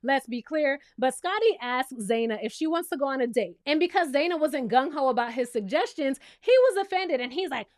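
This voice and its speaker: Sassy high-voiced woman recapping TV. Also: expressive, brisk, few pauses, no room sound, studio quality. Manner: sassy, playful, talks straight to the viewer. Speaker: reality TV recap host. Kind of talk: casual commentary recap.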